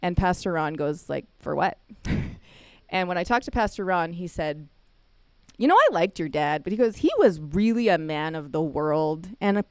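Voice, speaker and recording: A woman's voice: fairly low pitch, lively intonation, moderate pace, a little mellow, clear, resonant tone, no echo. A woman in her thirties speaking at a chapel service, telling a family story and acting out the quoted voices. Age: 30s. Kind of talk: storytelling sermon.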